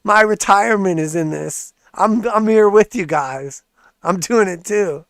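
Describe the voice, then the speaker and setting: A man's voice: high-pitched, unhurried, a bit bright, no room sound, studio quality, pitched above the performer's own voice. A man doing a mocking imitation of a defensive, pleading woman fund manager.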